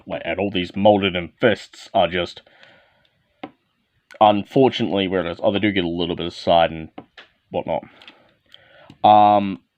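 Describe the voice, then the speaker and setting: A man with a low, darkish voice speaks at a normal speed with fairly even intonation and long pauses. He gives a casual, hands-on toy review, calling out short step-by-step moves as he handles and transforms the figure. The recording is dull, lo-fi and dry, with no room sound.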